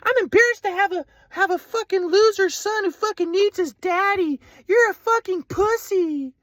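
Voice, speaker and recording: A man doing a shrill, furious mother. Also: moderate pace, no room sound, studio quality. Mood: contemptuous. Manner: shrill, yelling insults. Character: harsh angry mother, middle-aged woman.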